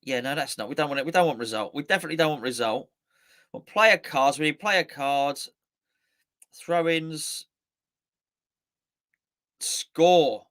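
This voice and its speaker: A man's voice: fairly high pitch, a little slow, long pauses, fairly bright tone. A man hosting a casual live-stream chat, rambling and often correcting himself. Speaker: host.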